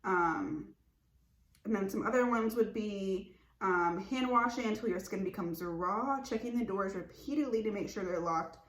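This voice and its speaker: A woman's voice: mid-range voice, normal speed. A young woman talking casually to camera about mental health, chatty and full of likes and ums. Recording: roomy echo.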